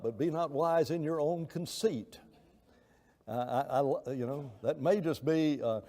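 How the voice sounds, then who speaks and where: A man's voice: on the high side, warm tone. A man teaching a Bible class in a conversational, rambling way, telling anecdotes and acting out quoted voices. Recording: long reverb of a church hall.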